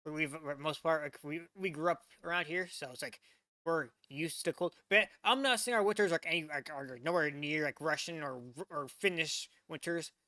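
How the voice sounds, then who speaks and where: A rambling American man reacting to a video, his voice bright and forceful. He trips over his words, repeats himself and stuffs "like" into every sentence. The sound is close and dry, with no room around him. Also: on the high side, moderate pace, dry recording. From United States. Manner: rambling, stammering restarts, heavy use of "like"; incredulous, swearing. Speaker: VTuber reaction host. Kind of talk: casual reaction commentary.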